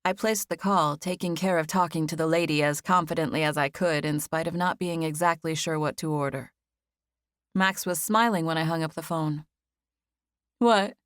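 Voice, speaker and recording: A woman narrating a contemporary first-person novel as an audiobook, with a gentle storytelling manner. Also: low voice, steady tone, normal speed, no echo, clean studio sound.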